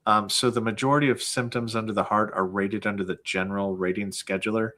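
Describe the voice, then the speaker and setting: Male guest, lower pitch, relaxed explainer, filler-heavy delivery. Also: fast talker. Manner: explains plainly with many likes and fillers. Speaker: guest, claims processor. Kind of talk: casual explanatory chat.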